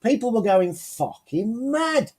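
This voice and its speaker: A man's voice: very high-pitched, slow pace, crowd noise. A man co-hosting a casual chat show, telling stories and swearing constantly. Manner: swears constantly, animated storyteller. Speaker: podcast co-host.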